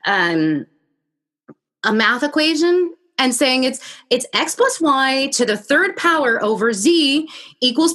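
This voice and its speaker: A woman hosting a podcast interview, telling a story in a lively conversational way and acting out her own reactions. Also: high voice, takes it slowly. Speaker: podcast host.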